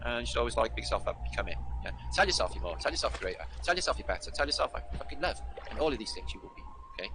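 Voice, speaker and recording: A man's voice: medium pitch, background noise. A British man hosting a casual livestream, greeting viewers by name and rambling in a sweary, affectionate way. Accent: British English. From Britain. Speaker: livestream host. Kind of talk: casual livestream chat reading out viewer names.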